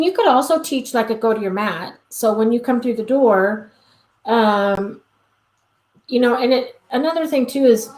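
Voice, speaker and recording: A woman's voice: on the high side, a little mellow. A woman dog trainer answering questions in a casual live Q&A, chatty, with many "um"s and acted-out quotes. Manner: chatty, frequent "um", acts out quoted exchanges. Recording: roomy echo.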